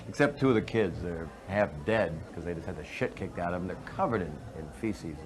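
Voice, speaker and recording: Rambling crude comedian man, lowish voice. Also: quick pace, hardly any pauses, a little mellow, a little hiss or hum. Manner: crude, rambling, laughs at his own jokes. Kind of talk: improvised stand-up storytelling.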